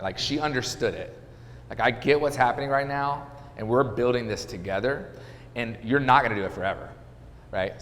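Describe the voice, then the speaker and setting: A man in his thirties, a podcast guest and real estate agent, telling a candid personal story in a halting, conversational way. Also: fairly low pitch, fairly bright tone, in a large hall. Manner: conversational, halting with restarts and fillers.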